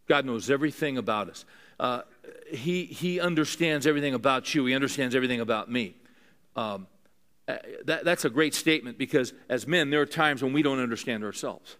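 A man's voice: medium pitch, moderate pace, pauses often, a bit bright. Earnest male preacher addressing a men's group. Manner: earnest, conversational, asks the listeners questions. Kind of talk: sermon. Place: room with a group of men.

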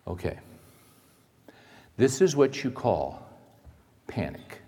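A male pastor preaching a sermon in a church, dramatic, moving between loud emphasis and hushed asides. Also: on the low side, very animated, takes it slowly, pauses often, husky, in a large hall.

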